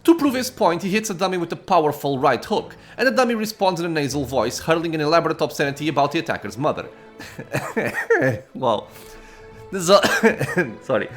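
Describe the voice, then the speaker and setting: A man hosting a let's play, reading the game's story text aloud with casual asides and quick self-corrections. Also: fairly high pitch, big pitch swings, soft background music.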